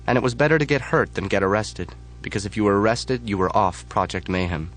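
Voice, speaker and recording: A man reading a first-person audiobook in a measured, flat delivery. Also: fairly low pitch. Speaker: audiobook narrator.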